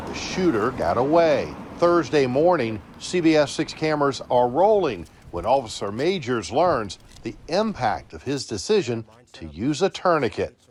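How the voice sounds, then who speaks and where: A man reporting a local TV news feature, narrating in a measured, storytelling way. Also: mid-range voice, slight background noise.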